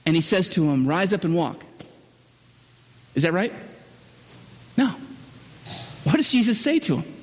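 A pastor with a high voice delivers a sermon to his congregation, posing question after question. He surges into loud, emphatic peaks, then sinks low for solemn moments. The sound is muffled and trails off in a long church-hall reverb. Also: sing-song, measured pace, long pauses.

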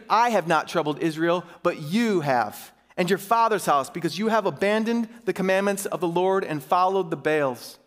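Male pastor with a high voice, reads scripture and breaks off to comment plainly, long hall reverb. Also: a bit bright. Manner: reads scripture aloud, then stops to comment in everyday speech. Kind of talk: sermon with scripture reading.

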